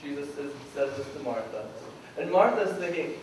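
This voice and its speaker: A man's voice: fairly high pitch, animated, moderate pace. A man preaching a sermon as pastor, telling a story and acting out the voices of its people. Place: church hall. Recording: echoey hall from far off, faint noise.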